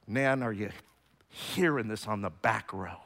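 A man preaching a sermon, emphatic and repetitive, swinging from hushed tones to shouting. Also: on the low side, measured pace. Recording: long hall reverb.

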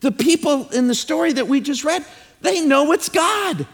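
Male preacher, high voice, emphatic sermon delivery, long hall reverb. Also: expressive. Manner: emphatic, drawn-out preaching with repeated phrases. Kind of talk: sermon with scripture reading.

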